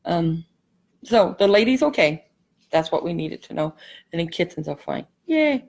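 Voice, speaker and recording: Gravelly-voiced woman hosting a craft stream. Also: lowish voice, very animated, normal speed, darkish tone. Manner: chatty, rambling, apologetic asides. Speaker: craft channel host. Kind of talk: casual live craft tutorial.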